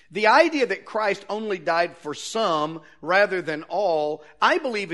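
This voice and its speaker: A man's voice: sits high, a bit bright. A man preaching a sermon, reading Bible verses aloud and arguing his point earnestly with rhetorical questions.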